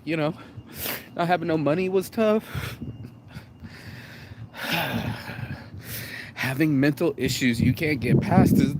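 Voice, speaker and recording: High-voiced man, raw rambling outdoor vlog, laughing through tears, noisy street audio. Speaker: vlogger. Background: street noise and passing vehicles.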